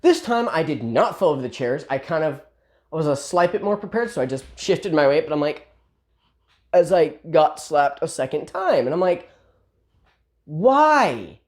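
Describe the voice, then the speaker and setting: A man telling a personal story in a casual, animated, self-deprecating way. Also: a little high, normal speed.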